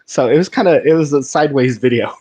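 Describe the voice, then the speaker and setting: A man's voice: fairly high pitch, quick pace, dark tone, husky. Chatty man telling an awkward story. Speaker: streaming interviewer. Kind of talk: casual chat.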